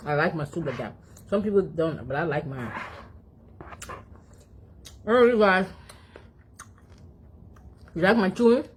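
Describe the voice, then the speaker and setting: Chatty woman vlogger, very low voice, phone mic at home, faint background noise. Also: lively intonation, measured pace, pauses often. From Africa. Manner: chatty, talks to her dog between mouthfuls, frequent chewing hums. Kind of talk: casual eating vlog chat.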